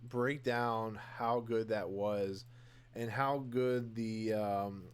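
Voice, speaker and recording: A young man hosts a solo podcast, talking casually and candidly about what he likes and dislikes. His voice sits low and sounds smooth and clear. He rambles loosely, with frequent fillers and restarts, and gets eager when he praises his favorites. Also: steady tone, drawn-out words. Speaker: podcast host.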